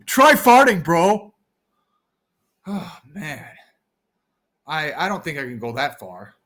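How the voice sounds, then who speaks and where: A man's voice: on the high side, very animated, slow pace, fairly bright tone. A man vlogging to his viewers, rambling goofily and freestyling rhymes off the top of his head. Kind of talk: rambling freestyle vlog chat.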